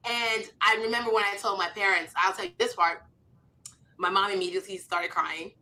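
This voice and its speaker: A woman in her thirties, an author and comedian, telling animated stories in conversation and acting out quoted lines with big jumps in pitch. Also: fairly quick.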